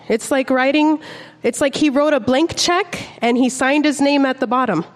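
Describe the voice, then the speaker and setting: A young woman giving an earnest, chatty sermon, reading scripture slowly and telling a personal story. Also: high-pitched, lively intonation, long reverb tail. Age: young adult. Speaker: preacher.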